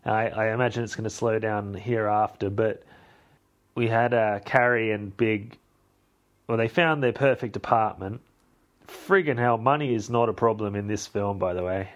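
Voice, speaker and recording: Chatty man with a low voice. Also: normal speed. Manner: chatty, rambling, self-mocking. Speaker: podcast host. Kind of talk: casual chat recapping a film.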